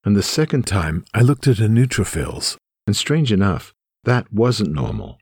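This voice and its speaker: A man's voice: on the low side, sing-song, normal speed, darkish tone, breathy edge, no room sound, clean studio sound, exaggerated voice. A man narrating a memoir voices an earnest male ER doctor who keeps reassuring a frightened son.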